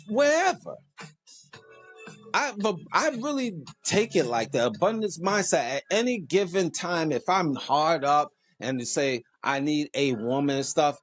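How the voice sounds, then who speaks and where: A man hosting a casual monologue, preachy and animated, joking and laughing at his own lines. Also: high voice, no echo. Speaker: host.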